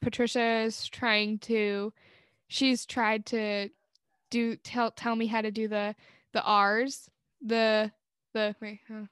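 A young woman co-hosting a casual podcast, playful and jokey and quick to laugh. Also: a little high, little pitch movement, a bit bright, clean tone, dry recording, clean studio sound. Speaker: podcast co-host. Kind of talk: casual chat.

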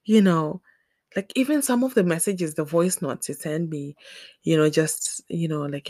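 A woman in her thirties from Zimbabwe, hosting a podcast and telling personal stories in a casual, animated way, laughing often. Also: a little slow, no room sound, clean studio sound. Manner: animated, laughs often, acts out scenes with pitch jumps. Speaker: podcast host. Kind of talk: casual storytelling monologue.

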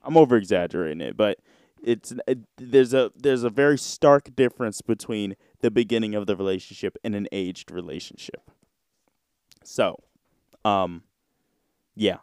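A man's voice: fairly low pitch, normal speed, darkish tone, smooth, no room sound, studio quality. A young man hosting a podcast solo, chatting casually in a rambling, slangy, profane way. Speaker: podcast host.

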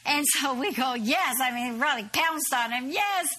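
A woman telling a personal story on a broadcast in an animated, lively way. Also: high-pitched, moderate pace.

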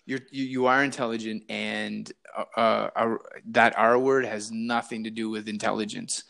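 A man's voice: fairly low pitch, flat delivery, moderate pace, gravelly, bright, forceful tone. A man hosting a casual health podcast over a remote call. He talks in long loose stretches, often repeats himself and keeps asking "right?". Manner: rambling, repeats words, asks "right?". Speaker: podcast host.

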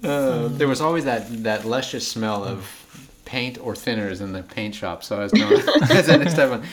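A man hosting a casual chat, teasing his mother and firing quick questions while laughing a lot. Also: medium pitch, big pitch swings, a little hiss or hum. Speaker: host.

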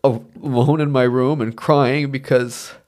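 A man's voice: medium pitch, steady tone, takes it slowly, a little mellow. A man co-hosting a podcast, talking about films in a casual, earnest and emotional way with lots of fillers. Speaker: podcast co-host. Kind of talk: casual film review chat.

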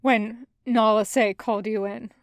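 Woman reading as a hoarse, halting young male cadet. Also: a little high, steady tone, no echo, clean studio sound. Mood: strained.

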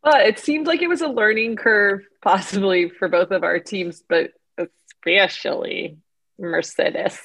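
Gravelly-voiced woman, joking and quick. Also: medium pitch, a bit bright. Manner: quick, joking, laughs often. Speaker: podcast co-host. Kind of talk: casual chat.

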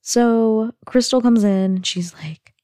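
A woman's voice: fairly high pitch, takes it slowly, warm tone, no echo, clean studio sound. A woman host casually retelling a sitcom episode, chatty and giggly, filling her sentences with "like". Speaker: podcast host.

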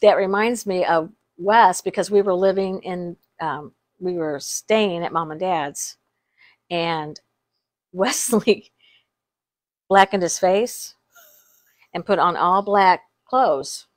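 A woman's voice: on the low side, slow. Chatty storytelling middle-aged woman. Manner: laughs often while telling stories, restarts sentences. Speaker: podcast co-host. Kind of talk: casual storytelling chat.

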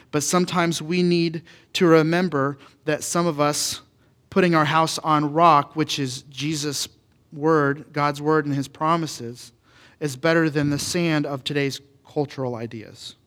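A male pastor in his thirties preaches in a relaxed, conversational way. He piles up rhetorical questions and repeats words as he builds a point. His voice sits fairly high for a man. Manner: animated and repetitive, full of rhetorical questions. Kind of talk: conversational sermon.

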